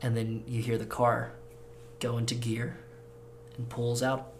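A man as game master, narrating a tabletop role-play scene in a slow, halting, descriptive way. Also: mid-range voice, monotone, a little hiss or hum.

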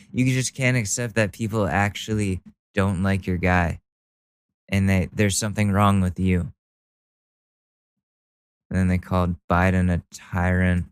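A man's voice: deep voice, steady tone, unhurried, long pauses, smooth, no echo. A man ranting sarcastically in commentary, exasperated and heavily profane as he mocks the posts he reads. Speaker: political commentary vlogger.

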